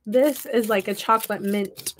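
A woman's voice: on the high side, darkish tone, slight background noise. A woman hosting a casual craft livestream from her home office, chatting and reading out viewer comments. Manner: playful and upbeat. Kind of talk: casual chat while crafting.

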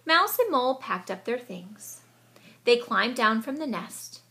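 Slow, bright woman reading a picture book. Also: on the high side. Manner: slow, expressive storytelling. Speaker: children's book reader.

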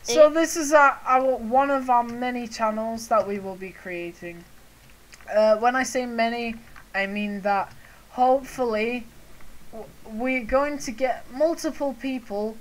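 A young woman with a fairly high voice introduces her gaming channel in a slow, halting way. She fills the gaps with ums and uhs as she talks casually. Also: poor audio. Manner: halting, with many fillers. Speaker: channel co-manager.

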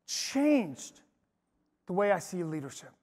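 High-voiced man preaching in a hall. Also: slow. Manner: energetic, storytelling, emphatic. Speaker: speaker. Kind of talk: preaching to an audience. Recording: long hall reverb.

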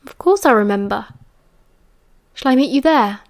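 A woman with a British accent voicing a caring young man who speaks gently, sometimes in a hush. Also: on the high side, animated, normal speed. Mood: coaxing. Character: caring, teasing young man, protective friend.

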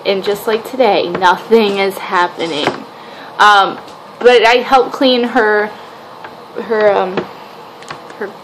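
A mother vlogs her day, chatting casually and rambling with self-mockery to a camera set a short distance away. Her mid-range voice has fairly even intonation. She takes it slowly with long pauses, and the background is noisy.

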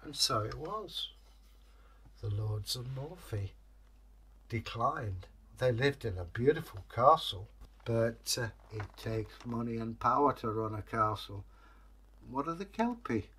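A man hosting a storytelling channel, telling a folktale and then chatting to viewers in a rambling, friendly way with pauses. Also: medium pitch, lively intonation, a bit bright, a little hiss or hum. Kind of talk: folktale storytelling, casual sign-off.

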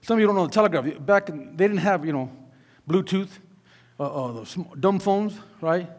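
A middle-aged man preaching a sermon as a pastor, telling stories with animated sound effects and asides to the congregation. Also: high voice, moderate pace, in a large hall. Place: church sanctuary.

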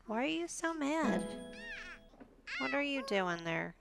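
A woman's voice: sits high, sing-song, takes it slowly, vocal fry, music in the background. A woman giving casual gameplay commentary, chatty and sassy as she bosses her game characters around.

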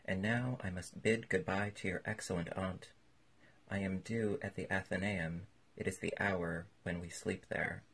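A man voices a courtly old literary gentleman, formal and polite, in a deep gravelly voice that is heavily husky, read like an old storybook. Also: fairly even intonation, a little slow, exaggerated voice. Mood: courteous.

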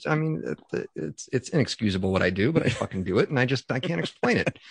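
A man's voice: medium pitch, animated, fast talker, breathy edge, no echo. A man co-hosting a podcast, chatting candidly and poking fun at himself. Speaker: podcast co-host. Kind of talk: casual podcast banter.

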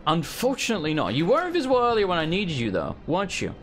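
A man's voice: a little high, wildly swooping pitch, fast talker, hardly any pauses, faint music behind. A man hosting a let's play, giving casual gameplay commentary, joking and cursing freely. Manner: laughs often, swears casually.

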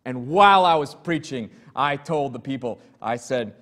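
A man's voice: mid-range voice, animated, moderate pace, few pauses, a bit bright. A male pastor preaching an earnest, emphatic sermon and telling stories to his congregation in a church sanctuary. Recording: long church hall reverb.

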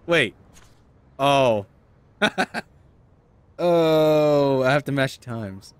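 A man's voice: medium pitch, lively intonation, very slow, pauses often, smooth, no echo. A man playing a video game and commenting, muttering and swearing in frustration. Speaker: gaming video host. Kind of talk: let's play commentary.

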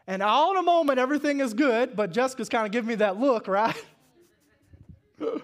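A man with a Southern US accent preaching a sermon at a church service, telling folksy stories and building up to shouted calls to his congregation. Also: very high-pitched, normal speed, long pauses. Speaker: pastor.

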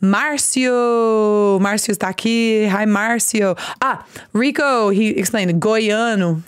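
American lady teacher streaming live, slow and sweet, stumbling into portuguese, dry close headphone mic. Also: mid-range voice, clean tone, dry recording. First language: English. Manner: gushing, reads chat names aloud, halting Portuguese. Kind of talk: casual live-stream chat mixing English and Portuguese. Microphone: headphone mic on a video stream.

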